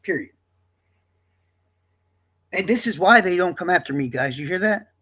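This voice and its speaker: A man rants at his viewers in a husky voice that swings up high and all over the place. He is profane and combative, and he talks straight to his audience in a livestream monologue. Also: expressive, moderate pace, sharp tone. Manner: profane, combative, addressing chat directly. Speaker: streamer.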